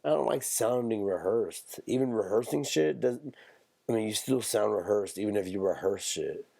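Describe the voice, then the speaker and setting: A man's voice: lowish voice, normal speed, vocal fry, dark tone, no echo. A man hosting a podcast, talking in a rambling, profane, off-the-cuff comedic monologue. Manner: rambling, profane, self-interrupting. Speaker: podcast host.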